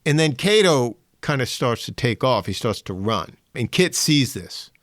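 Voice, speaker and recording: Lively-pitched man chatting about a film. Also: a little slow, no echo, studio quality. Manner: lively, chuckling, jumps in with details. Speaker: podcast co-host. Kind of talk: casual film discussion.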